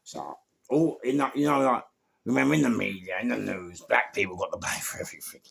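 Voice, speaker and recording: A man's voice: medium pitch, animated, moderate pace, gravelly, pauses often, a bit bright, breathy edge. A middle-aged man, telling a rambling, slangy anecdote and repeating himself as he goes. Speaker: storyteller.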